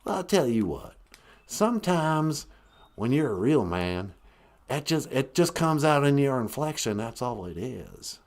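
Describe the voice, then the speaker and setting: A brash, folksy ex-president calling into a show, as a man puts him on for a comic skit. He leans on a thick, exaggerated drawl and a boastful swagger, pitched up above a plain speaking voice, with a lively voice that swoops up and down. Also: moderate pace, creaky, full character voice. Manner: exaggerated folksy drawl, boastful, calls people 'man' and 'son'. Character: brash male former president, folksy redneck caller.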